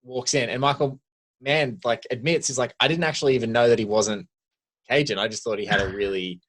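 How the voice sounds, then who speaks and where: A man co-hosting a film podcast, talking casually and with playful energy. He is from the Virgin Islands and sometimes drops into quiet, low-key asides. His voice sits in the middle range. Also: fairly even intonation, brisk. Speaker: podcast co-host.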